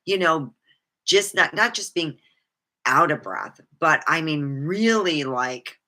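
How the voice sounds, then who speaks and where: A woman's voice: deep voice, lively intonation, slow pace, pushed and bright. A middle-aged woman vlogging candidly about her life, rambling and swearing freely. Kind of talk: personal storytelling monologue.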